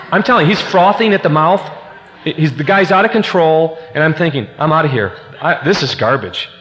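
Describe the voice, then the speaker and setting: A man's voice: fairly high pitch, a bit bright. A man giving an earnest, sermon-style personal testimony, acting out the quoted voices as he tells the story. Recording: reverberant hall with faint hum.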